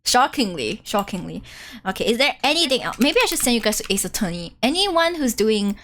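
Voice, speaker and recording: A woman's voice: on the high side, sing-song, fast talker, a bit bright. A woman game streamer chatting casually during a live playthrough, giggly and full of fillers. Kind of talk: casual live-stream chat over gameplay.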